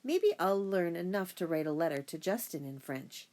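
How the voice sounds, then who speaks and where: A woman narrating a first-person children's audiobook in a steady storytelling voice. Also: fairly low pitch, moderate pace.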